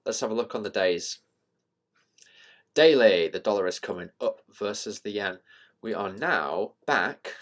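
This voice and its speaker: A man's voice: on the low side, animated, a little slow, pauses often. Rambling man talking charts. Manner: rambling, self-deprecating, thinking out loud with fillers. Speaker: trading channel host. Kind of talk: casual screen-share market commentary.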